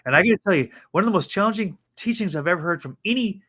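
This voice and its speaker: Male co-host with a raised, lively voice, animated storyteller in casual chat. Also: high voice, rapid-fire, slightly rough. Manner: animated storytelling with faith talk.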